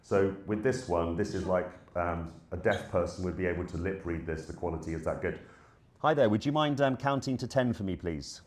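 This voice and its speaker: Low-voiced man presenting in an echoey hall. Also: fairly quick. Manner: chatty, apologetic, prompts the avatars. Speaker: presenter demoing AI avatars. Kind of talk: live conference demo. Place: conference stage.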